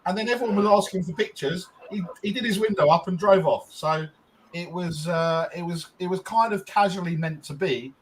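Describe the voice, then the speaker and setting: A man's voice: high voice, normal speed, a little hiss or hum, rough recording. Rambling man telling a story. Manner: rambling, frequent ums and restarts. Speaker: podcast co-host. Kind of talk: casual storytelling chat.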